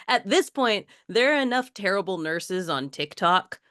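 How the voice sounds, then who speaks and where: A woman co-hosting a casual podcast, chatty and quick to laugh. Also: medium pitch, lively intonation, pushed and bright, dry recording, studio quality. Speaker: podcast co-host.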